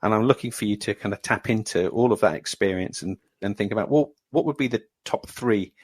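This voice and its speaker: A man hosting a podcast interview, brisk and affirming toward his guest. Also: fairly low pitch, husky. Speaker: podcast host. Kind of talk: conversational interview.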